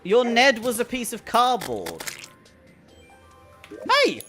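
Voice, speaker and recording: A streamer rambles through a live game session, swinging up and down in pitch as they chat, laugh and swear casually. Faint game music plays under the voice. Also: expressive, measured pace, a bit bright. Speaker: streamer playing a video game.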